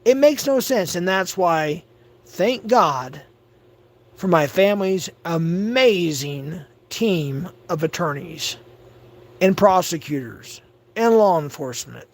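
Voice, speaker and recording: A man's voice: sits high, animated, slow pace. An agitated man ranting on his livestream, stammering and repeating himself. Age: adult. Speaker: livestream host. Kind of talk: livestream rant.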